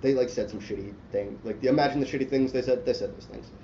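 A man's voice: medium pitch, quick pace, mellow. A man telling a long, profane story in casual chat, rambling and self-mocking and full of "like". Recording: roomy, dull lo-fi sound with faint hiss.

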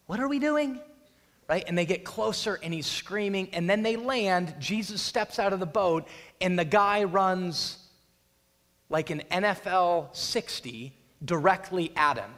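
A man's voice: sits high, fairly bright tone. A man preaching a sermon, retelling a scripture scene with drama and acting out the voices of its people. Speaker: pastor. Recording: long hall reverb.

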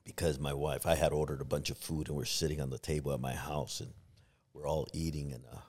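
A man's voice: extremely low pitch, level tone, a little fast, darkish tone, slightly rough. A middle-aged man, a pastor, telling a personal story in a podcast interview, with many restarts, acting out what others said. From Los Angeles area. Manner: storytelling, acts out quoted voices, many restarts.

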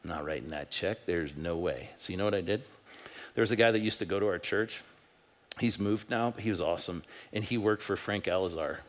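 A man's voice: low-pitched, brisk. A man preaching a sermon as pastor, talking in a conversational way and acting out the voices in his stories. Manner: animated, conversational, acts out quoted voices. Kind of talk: sermon with storytelling. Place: church sanctuary.

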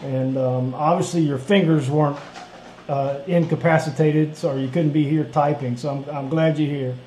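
A man's voice: a little high, fairly even intonation, normal speed, dark tone. A man chatting and telling stories on his farm channel, laughing easily. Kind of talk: casual chat. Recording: roomy echo with faint noise.

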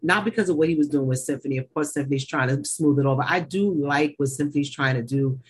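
Husky, blunt New woman. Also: sits low, fast talker. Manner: blunt, opinionated, swears freely. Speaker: podcast co-host. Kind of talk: casual TV recap chat.

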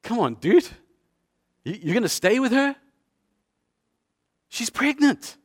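A man voicing an incredulous young male friend who mocks and pushes, talking in a high, disbelieving, jeering way. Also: very animated, takes it slowly, heavily acted. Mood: mocking disbelief.

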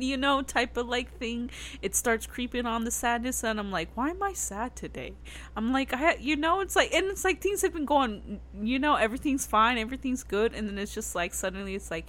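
A young woman talks casually with a slightly high voice, rambling and circling back through her thoughts. She leans on fillers and restarts. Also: animated, moderate pace, fairly bright tone. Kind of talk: casual chat.

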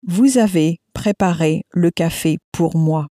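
A woman giving model pronunciations in a language lesson, saying each phrase slowly and clearly, often twice. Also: lowish voice, dark tone, no room sound, clean studio sound. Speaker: native speaker model voice in a lesson. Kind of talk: slow, careful model pronunciation.

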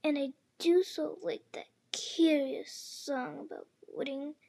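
A woman's voice: high-pitched, fairly even intonation, slow pace, gravelly, darkish tone, slight background noise, exaggerated voice. A woman voicing the polite, timid young girl Alice in a storybook reading.

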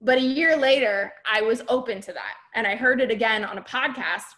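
A woman's voice: a little high, expressive, a little fast, fairly bright tone. A woman podcast host and business coach giving a candid, emphatic motivational talk to a live group. She often checks in with her listeners.

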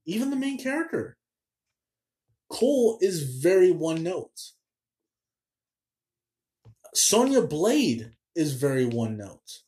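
Chatty, exasperated man with raised pitch. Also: sing-song, takes it slowly, pauses often, darkish tone. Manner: chatty, exasperated, ranting, many fillers. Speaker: movie review show host. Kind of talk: casual spoken movie review.

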